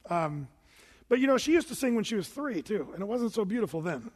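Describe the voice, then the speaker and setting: A man's voice: high voice, big pitch swings, fairly quick, a little mellow, long reverb tail. A man preaching a sermon as pastor in a conversational, folksy way, firing questions at the congregation. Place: church sanctuary.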